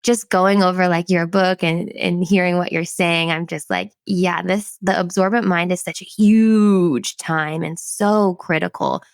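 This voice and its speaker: A woman hosting a podcast, chatting with enthusiasm and telling stories in an animated way. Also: on the low side, a little slow, few pauses, clear, resonant tone, dry recording. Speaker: podcast host. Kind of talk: casual interview chat.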